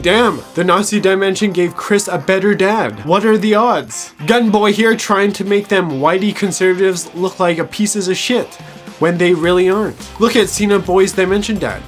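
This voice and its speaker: A man's voice: high-pitched, normal speed, soft background music. A man recapping a TV episode in a casual, crude, mocking way, swearing and laughing at his own jokes. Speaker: TV show reviewer.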